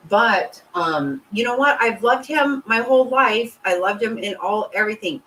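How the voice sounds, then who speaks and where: A woman's voice: moderate pace, a little hiss or hum, low-quality recording. Blunt, foul-mouthed woman host. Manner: blunt and heavily profane; animated, swinging pitch. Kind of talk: casual livestream commentary.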